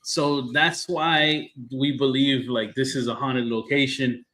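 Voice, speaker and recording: A man co-hosting a paranormal chat show talks in an easygoing way at a middle pitch. He fills his explanations with plenty of ums and uhs. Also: steady tone, slow, pushed and bright, low-quality recording. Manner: easygoing, filler-laden. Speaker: co-host. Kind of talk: casual chat.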